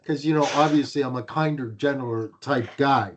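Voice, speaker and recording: A man's voice: mid-range voice, normal speed. A man co-hosting a podcast in casual chat, wry and bantering, stressing points with repeated starts. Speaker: podcast co-host. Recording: muffled lo-fi audio.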